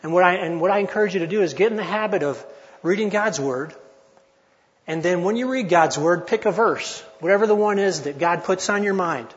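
A man in his forties with a somewhat high voice teaches in an earnest, chatty manner, often backing up to restart his sentences. His voice rings in a reverberant hall, and the recording sounds a little dull and muffled. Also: a little fast. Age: 40s. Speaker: Bible study teacher. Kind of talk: informal teaching talk.

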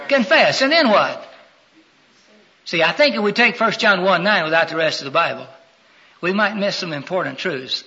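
A middle-aged man preaching a sermon, questioning his listeners and rising to loud, emphatic peaks. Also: sits high, husky. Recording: dull lo-fi sound.

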